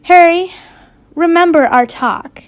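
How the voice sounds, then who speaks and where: A woman's voice: very high-pitched, takes it slowly, pitched above the performer's own voice. A woman voicing a cocky, pushy teenage boy wizard in a read-aloud story, teasing and smug.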